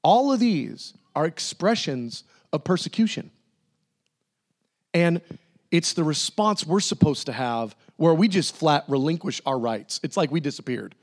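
A pastor with a notably high-pitched voice delivers a lively, unhurried sermon to his congregation. He swings between bright, excited bursts and low, earnest stretches, laughing often as he goes.

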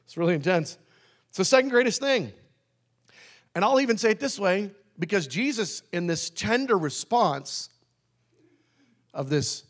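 A pastor preaching a sermon in a conversational way, slowing down to stress key phrases. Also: male voice, on the high side, a bit bright. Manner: conversational, with restarts and emphatic slowed phrases.

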